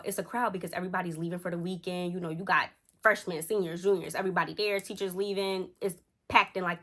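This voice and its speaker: A young woman talks straight to her camera, telling a storytime. She is chatty and animated, and her voice jumps higher whenever she acts out what someone said. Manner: animated, acts out quotes with shifting pitch. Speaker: storytime vlogger. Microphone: camera close up.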